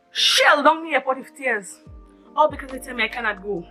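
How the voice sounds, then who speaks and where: Caribbean woman vlogger, bright high voice, animated and emphatic storytelling. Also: fairly quick, soft background music. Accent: Caribbean English. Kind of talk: storytime vlog.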